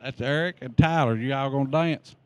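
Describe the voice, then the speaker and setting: A man's voice: mid-range voice, brisk, smooth. A man greeting students at a school entrance outdoors, folksy and joking as he gives friendly instructions. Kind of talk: casual on-camera greeting.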